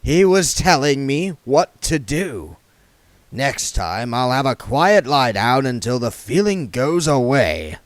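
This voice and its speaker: A man plays a shifty middle-aged street hustler in a storybook, slow and mumbling, dropping low and soft. The voice sounds sorry for itself and a little sly, in a dry, close recording. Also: big pitch swings, dry recording. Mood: glum.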